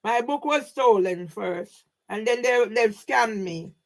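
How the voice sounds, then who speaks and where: A woman with a Jamaican accent ranting on a live stream, emphatic, often shouting and swearing, with frequent questioning tags. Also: on the high side, lively intonation, takes it slowly. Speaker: YouTube livestreamer.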